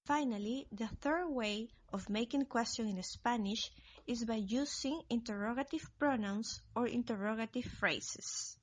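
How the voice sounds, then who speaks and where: A woman narrating a scripted Spanish lesson, reading example sentences slowly and carefully. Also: on the high side. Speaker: Spanish teacher.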